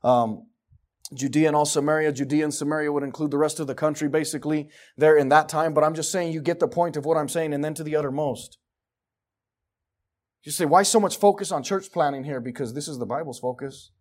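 A pastor preaching a sermon, moving from quiet, rambling talk with restarts to loud, urgent exhortation. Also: male voice, fairly high pitch, fairly even intonation, a little fast. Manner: conversational, with repetitions and restarts.

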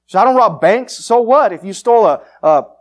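A man preaching an evangelistic sermon, confrontational and fiery, swinging between loud urgent lines and hushed ones. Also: sits high, lively intonation, fairly quick.

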